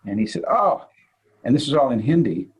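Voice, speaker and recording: Husky older man telling a story. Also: medium pitch, normal speed, rough recording. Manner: animated, laughing anecdotal telling. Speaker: guest physician. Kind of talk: storytelling in conversation.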